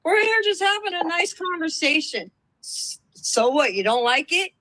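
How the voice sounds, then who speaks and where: Woman, live stream, defiant rant, lots of swearing, lively pitch swings. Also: normal speed, dry recording, poor audio. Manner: profane, defiant ranting. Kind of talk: casual live stream chat.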